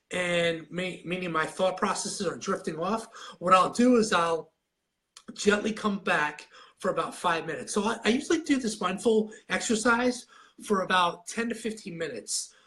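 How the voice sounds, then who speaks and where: A man with a high, fairly bright voice, slightly nasal from fighting a cold, coaches people on anxiety in a live video. He rambles, repeats himself, and restarts often, demonstrating breathing as he talks.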